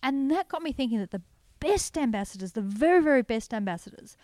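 A woman's voice: a little high, lively intonation, quick pace, warm tone, no room sound. A middle-aged woman, founder of an animal sanctuary, telling stories in a podcast interview in an earnest, enthusiastic way and laughing often. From Australia.

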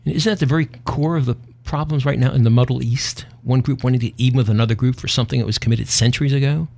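A man's voice: medium pitch, steady tone, fast talker, gravelly, darkish tone. A man hosting a talk show, chatting in a folksy, opinionated, half-joking way. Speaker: podcast host. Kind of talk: casual talk show banter.

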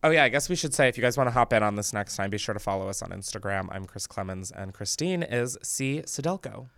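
A man's voice: on the low side, animated, fast, creaky, fairly bright tone, no room sound. A man co-hosting a podcast in casual chat, joking, swearing and laughing often. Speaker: podcast co-host.

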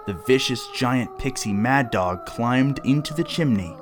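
A man reading a children's story aloud, expressive and storybook-style. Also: mid-range voice, a little slow, soft background music.

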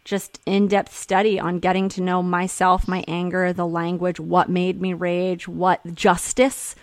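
A woman's voice: fairly low pitch, completely flat delivery, a little slow, dry recording. A woman talking candidly in a casual conversation, swearing freely and acting out her own quotes.

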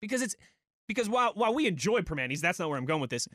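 A man's voice: high voice, sing-song, rapid-fire, fairly bright tone, no room sound, clean studio sound. A man hosting sports talk radio, chatting casually and reading listener tweets. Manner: conversational, reads listener tweets aloud.

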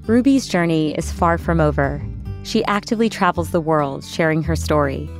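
A woman hosting a podcast, reading scripted narration in a measured, clear way. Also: low voice, lively intonation, soft background music. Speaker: podcast host.

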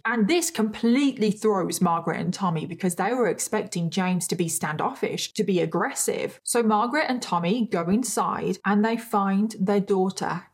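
A woman's voice: mid-range voice, husky. A woman narrating a true crime vlog in a passionate, indignant way. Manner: passionate, indignant, fast-talking.

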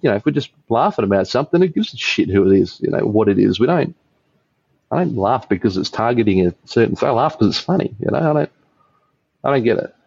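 A man's voice: mid-range voice, lively intonation, fast, vocal fry, darkish tone, husky, dry recording, highs cut off. A man with an Australian accent, a podcast guest chatting casually over beers, rambling, swearing freely and laughing a lot.

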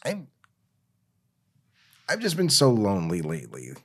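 A man voicing a tearful young woman who is guilty and defensive, reading a screenplay aloud in a halting, pleading voice. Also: lowish voice, wildly swooping pitch, voice pushed down, full character voice.

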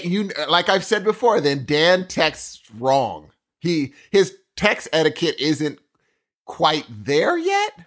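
Animated high-voiced man. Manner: animated storyteller, acts out texts in voices. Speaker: podcast co-host. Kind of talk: casual podcast banter.

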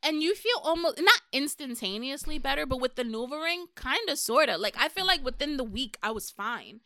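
A woman's voice: sits high, animated, a little fast, sharp tone, dry recording. A woman, a podcast guest chatting casually, frank and profane, telling stories with animation. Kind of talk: casual chat.

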